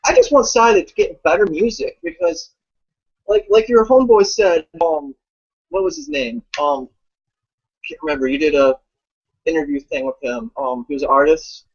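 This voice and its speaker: A man talking in a casual, rambling way, animated and profane, with lots of fillers. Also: on the high side, normal speed, breathy edge. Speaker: guest commentator. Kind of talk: casual chat. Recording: dull lo-fi audio.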